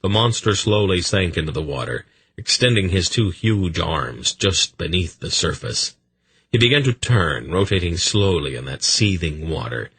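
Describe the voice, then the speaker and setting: A man reads a dark fantasy audiobook with intense, dramatic storytelling. His voice is very deep, with a forceful, husky edge, and the recording is dry and close. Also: animated, moderate pace, dry recording. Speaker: audiobook narrator.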